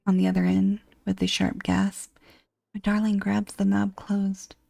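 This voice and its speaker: A woman reading a horror game aloud in a hushed, breathy whispered role-play. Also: mid-range voice, no echo. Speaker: game narrator.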